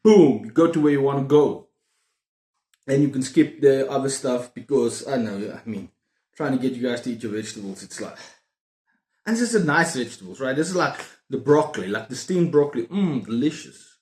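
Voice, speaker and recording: A man's voice: medium pitch, a little fast, a little mellow. A man talks casually to camera as a book vlogger, rambling through jokey asides and tangents. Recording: roomy echoing room.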